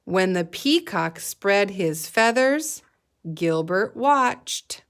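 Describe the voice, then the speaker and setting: A woman teaching a guided reading lesson, reading a storybook at an unhurried pace. Her voice sits at a middling pitch and she gives each line expression, asking the class about the characters' feelings as she goes. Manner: slow, clear read-aloud with expressive dialogue.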